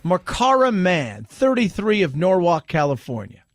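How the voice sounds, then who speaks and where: A talk radio host with a high voice comments on the news in an animated, mocking way, jumping into exaggerated quoted voices. He speaks at a moderate pace on a dry recording with soft background music.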